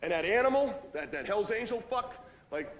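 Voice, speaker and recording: A man's voice: extremely high pitch, lively intonation, moderate pace, in a large hall. An actor playing a brash, streetwise young man who rambles through a story in ungrammatical slang and keeps asking "right?" in a stage monologue. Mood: boastful. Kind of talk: theatrical comic monologue.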